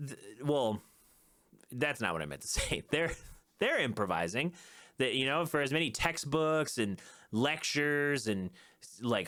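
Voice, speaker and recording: A man's voice: mid-range voice, a bit bright, clean tone. A man hosting his own podcast in a casual solo chat, rambling and joking at himself, often laughing. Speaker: podcast host. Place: small home room with a keyboard. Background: faint music playing.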